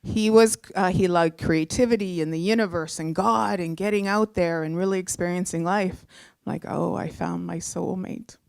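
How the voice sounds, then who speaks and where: A middle-aged woman telling her own story on a live show, animated and chatty, with many fillers and restarts. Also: on the low side, moderate pace, clear, resonant tone, dry recording.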